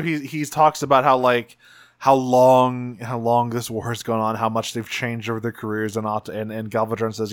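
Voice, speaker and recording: A man's voice: medium pitch, fairly bright tone, no echo. Man, podcast co-host, loose rambling recap with restarts, dry close mic, mid-range voice. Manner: rambling, many restarts and fillers. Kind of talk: casual chat.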